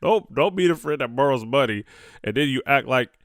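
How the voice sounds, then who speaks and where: A man's voice: mid-range voice, lively intonation, brisk, a bit bright, no echo, clean studio sound. A young man hosting a podcast alone, talking straight to his listeners in a profane, laughing, casual way. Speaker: podcast host. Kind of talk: casual solo podcast monologue.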